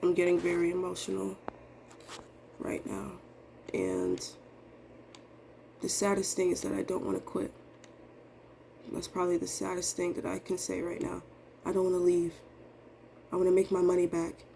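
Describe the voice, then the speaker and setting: A young woman venting in a low, confessional way, rambling and dejected with casual slang. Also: monotone, a little fast, vocal fry, long pauses, warm tone, a little hiss or hum. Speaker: vlogger day trader. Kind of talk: emotional live trading vlog.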